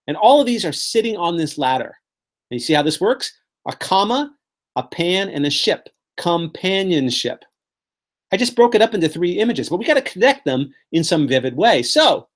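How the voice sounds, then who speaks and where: A man presenting a workshop on memory techniques, telling vivid, playful stories to make his points stick. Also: a little high. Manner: animated, playful storytelling with vivid imagery. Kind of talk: live workshop teaching.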